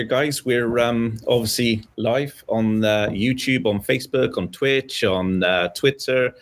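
Male show host, mid-pitched, halting, with frequent fillers. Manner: hesitant, with many ums and uhs. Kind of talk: casual chat.

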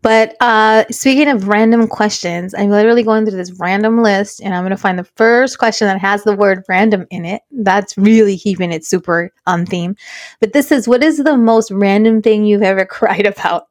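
A woman's voice: mid-range voice, normal speed, dry recording, studio quality. A middle-aged woman hosting a casual chat over a video call, telling stories animatedly and mixing Spanish phrases into English. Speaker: podcast host.

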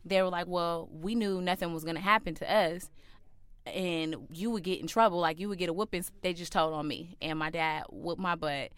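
A young woman tells a personal story with animated energy, leaping into high, loud voices for the people she quotes. Her voice is smooth and slightly low. The sound is dry and close. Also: normal speed, no room sound. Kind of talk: personal story told to a listener.

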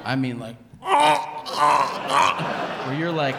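A man performing a stand-up comedy set, animated and shouting out punchlines, on a club stage. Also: medium pitch, slow pace, pauses often, noisy background. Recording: live club with long reverb and audience.

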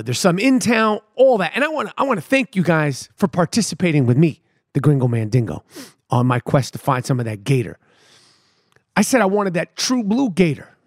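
A middle-aged man riffs through a comic story as a podcast host, stacking words for emphasis and tossing in street slang. His voice sits fairly high, and it is recorded dry and close with no room sound. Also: no echo. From New York City. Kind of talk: comedic storytelling monologue.

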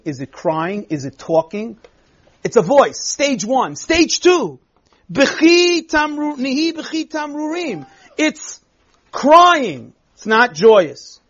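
In a lo-fi recording, a high-voiced male teacher reads Bible verses to his class. He explains the passages with emphasis and plenty of expression.

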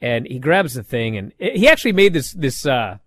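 A man talks through a wrestling show in a loose podcast recap. His pitch swings up and down as he tells it, with frequent fillers, and the sound is dry with no room echo. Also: normal speed. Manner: animated storytelling with frequent fillers.

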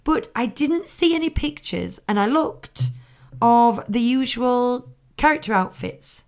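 A woman's voice: fairly high pitch, expressive, a little slow. A woman co-hosting a fan podcast in casual, chatty talk, laughing and poking fun at herself. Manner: chatty, laughing, self-mocking. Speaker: podcast co-host. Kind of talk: casual chat.

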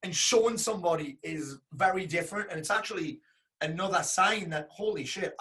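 A man's voice: high voice, fairly quick, sharp tone. A man, a business coach, in a casual podcast chat, emphatic and swearing often. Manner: emphatic, frequent swearing, says "dude".

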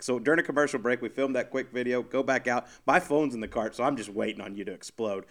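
A man's voice: mid-range voice, fast talker, hardly any pauses, a bit bright. A man who co-hosts a podcast and used to play golf professionally, telling his side of the story in casual, teasing banter. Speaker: podcast co-host, former golf pro.

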